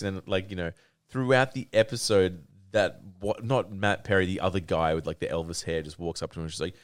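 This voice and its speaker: A man's voice: low voice, brisk. A man co-hosting a podcast in casual chat, rambling, swearing a lot and laughing often. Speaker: podcast co-host.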